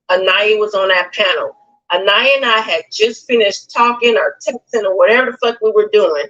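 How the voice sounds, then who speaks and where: Woman telling her side over lo-fi call audio. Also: mid-range voice. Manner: animated retelling, acts out quotes. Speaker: livestream guest. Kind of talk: casual storytelling on a call.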